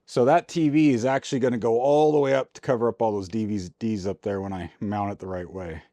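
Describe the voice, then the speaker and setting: A man speaks briskly in a lowish, warm voice with fairly even intonation, recorded dry. While working inside his RV, he talks casually into a handheld mic, grumbling folksily to himself and his viewers.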